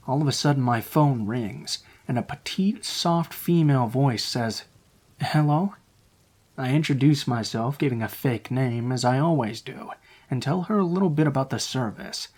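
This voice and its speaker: A man narrating true horror stories in a calm, low-key scripted reading.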